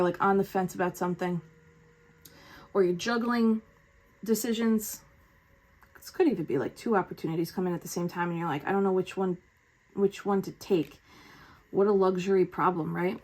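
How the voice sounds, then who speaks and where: A woman talks through a tarot reading in a relaxed, chatty way. She is earnest and effusive, with a spiritual warmth to how she frames things for her audience. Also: medium pitch. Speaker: tarot reader. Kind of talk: casual spoken tarot reading.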